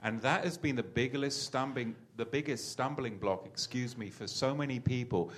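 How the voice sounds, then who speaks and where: A man's voice: mid-range voice, moderate pace, slightly rough. Eager questioning man host. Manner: eager, repeats phrases, asks questions. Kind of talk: casual talk show chat.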